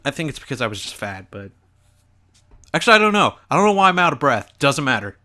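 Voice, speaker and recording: Young guy with a bright voice poking fun at himself, rambling gaming commentary. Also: mid-range voice, very animated, fast talker. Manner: self-mocking, rambling asides. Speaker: gaming channel host. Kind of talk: casual commentary over an old video.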